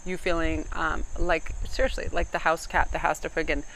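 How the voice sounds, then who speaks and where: A woman's voice: sits low, little pitch movement, moderate pace, creaky, fairly bright tone, a little hiss or hum, rough recording. A woman giving a chatty tarot reading to camera, joking and laughing often as she talks. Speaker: tarot card reader. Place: outdoors. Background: faint crickets and insects.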